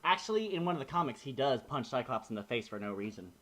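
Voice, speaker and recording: Rambling animated podcast guy. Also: mid-range voice, fast talker. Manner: rambling, animated storytelling with many restarts. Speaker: podcast co-host. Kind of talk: casual chat.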